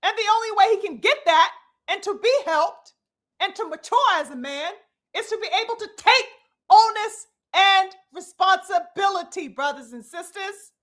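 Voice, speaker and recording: A woman's voice: extremely high pitch, lively intonation, normal speed, fairly bright tone. A woman giving impassioned live commentary, preachy and emphatic, swearing freely and addressing her listeners as brothers and sisters. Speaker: commentary host.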